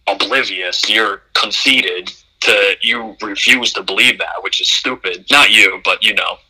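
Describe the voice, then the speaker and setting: Bright-voiced, emphatic man. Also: fairly low pitch, a little slow, slightly rough, low-quality recording. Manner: emphatic, blunt, slangy, swears freely. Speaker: podcast co-host. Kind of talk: casual podcast discussion.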